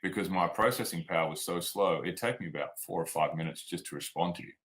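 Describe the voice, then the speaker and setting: A man's voice: low-pitched, fast talker, fairly bright tone, rough recording. A man with an Australian accent, telling stories frankly as a guest in a casual interview. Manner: frank and plainspoken, drops "like" and "man". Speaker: guest, performance coach.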